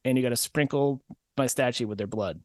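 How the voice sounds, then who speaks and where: A man's voice: medium pitch, fairly quick, no room sound, studio quality, natural voice. A man doing Faithful John, a breezy servant. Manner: offhand, modern slangy delivery.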